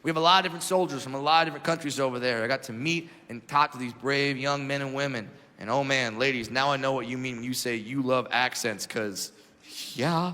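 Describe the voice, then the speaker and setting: A man's voice: mid-range voice, fairly quick. A man performing a stand-up comedy routine on a club stage, telling stories in a brash, punchy way. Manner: brash storytelling, punchy and animated. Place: comedy club stage before a large audience. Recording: reverberant club hall, loud crowd laughter.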